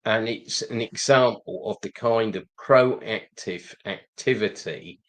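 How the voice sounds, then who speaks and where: Male host, slow and measured, lower register, occasional "uh". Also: low-quality recording. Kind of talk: livestream discussion.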